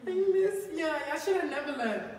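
A woman's voice: high voice, sing-song, a little fast, a little mellow, echoey room, in a large hall, recorded from a distance, slight background noise. A young woman vlogging at home in a casual chat, laughing often and using doting baby talk with a small child.

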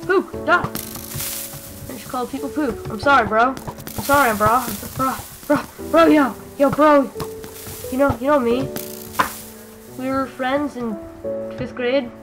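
A woman's voice: sits high, unhurried, pauses often, over music, low-quality recording. A young woman giving goofy, teasing commentary over her own gameplay, mocking strangers and then taking it back. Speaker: gaming YouTuber.

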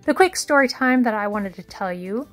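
A woman's voice: mid-range voice, lively intonation, normal speed, soft background music. A woman from Indiana, chatting casually to viewers as a vlogger and telling a story in a folksy way. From Indiana, USA. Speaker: shopping haul vlogger. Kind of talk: casual vlog chat and story time.

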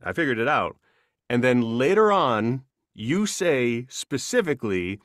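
Narrator guest, man, animated storyteller, mid-pitch, dry close sound. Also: unhurried, no room sound. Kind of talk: casual chat. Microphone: video call.

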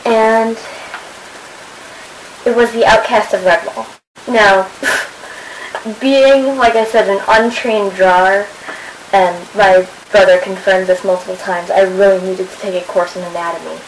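A woman's voice: medium pitch, fairly even intonation, measured pace, long pauses, low-quality recording. A woman talking casually to her camera, chatty and rambling as she looks through old papers. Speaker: vlogger. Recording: audible background noise.

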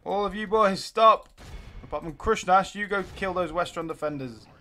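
A man hosting a let's play, giving live commentary and cheering his units on excitedly. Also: sits high, normal speed.

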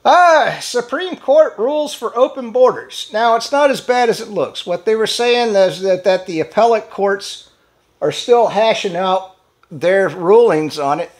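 A middle-aged man hosting his own political commentary channel, speaking in a fairly high voice that rises and falls a lot. He rambles through stories with fillers, repeated words and restarts. His tone is blunt and indignant, with casual swearing. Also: expressive, unhurried.

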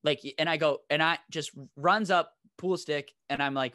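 A man's voice: fairly high pitch, steady tone, moderate pace, pushed and bright, no room sound, clean studio sound. A man co-hosting a comedy podcast, telling a rambling anecdote and laughing as he goes. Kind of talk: casual storytelling.

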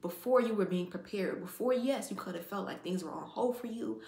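A woman's voice: mid-range voice, a little fast, darkish tone. Rambling woman card reader, echoey room. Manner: rambling, filler-heavy, heartfelt, says "like" constantly. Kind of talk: casual spiritual card reading.

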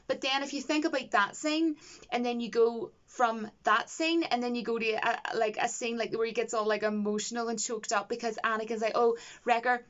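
A woman's voice: fairly high pitch, steady tone, brisk, a bit bright, lo-fi sound. A young woman, reviewing a TV episode in a casual, enthusiastic and rambling way. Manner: enthusiastic, rambling, gushing with praise.

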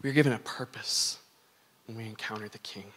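A man's voice: lowish voice, normal speed, fairly bright tone, husky. A young man preaching a sermon as a youth pastor, telling stories energetically with frequent fillers.

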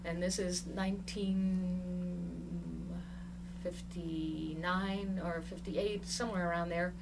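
A woman in her sixties from Tanganyika, giving an oral history interview as an animated storyteller who laughs often while she talks. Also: on the low side, takes it slowly. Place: museum interview room. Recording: distant mic with faint background noise.

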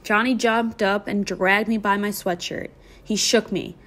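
A woman teacher reads a novel aloud for her class in an expressive storybook manner. Her voice sits at an ordinary middle pitch. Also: unhurried. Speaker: middle school English teacher.

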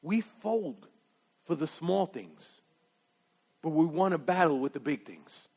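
A man preaching a sermon, animated and emphatic, swinging from loud exclamations to hushed remarks. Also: high voice. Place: church sanctuary. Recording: long hall reverb.

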